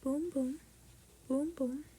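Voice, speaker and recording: In a casual tablet-screen tutorial, a young woman explains math, chatting, swearing, and often whispering as she figures out numbers. She speaks high-pitched, steady, slow, and mellow, with slight background noise.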